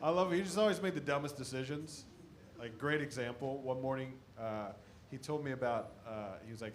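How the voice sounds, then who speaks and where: A stand-up comedian man from the American Midwest, telling animated stories about his family on a club stage. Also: mid-range voice, fairly quick, slight background noise. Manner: animated storytelling, shouting impressions of his dad.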